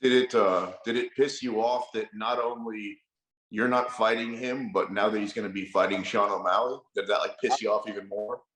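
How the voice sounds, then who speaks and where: A man's voice: on the low side, steady tone, moderate pace, a bit bright, echoey room, low-quality recording. A man co-hosting a casual interview who asks short, direct questions. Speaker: podcast co-host.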